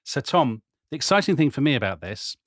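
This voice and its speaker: A man's voice: medium pitch, sing-song, a little fast, no room sound, studio quality. A British man co-hosting a casual history podcast, reading passages aloud with drama and then chatting and joking. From Britain. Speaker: podcast co-host.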